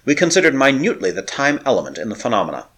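A man reading an adventure novel aloud as an audiobook narrator, telling it with expressive, dramatic storytelling. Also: medium pitch, very fast, gravelly, breathy edge.

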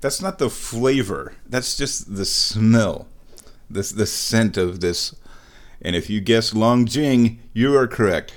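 This man, whose voice is on the low side, takes his time speaking as he makes tea in his house's kitchen. Hosting a casual vlog, he's playful, humming and talking to himself while he works.

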